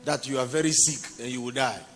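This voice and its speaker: God, calm and patient, as a preacher puts him on. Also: male voice, mid-range voice, brisk, faint music behind, pitched below the performer's own voice, natural voice.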